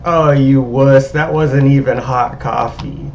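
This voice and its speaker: A man's voice: medium pitch, steady tone, slow pace, darkish tone, lo-fi sound, slight background noise. A man retelling a cocky movie tough guy. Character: brash tough-guy male movie hero.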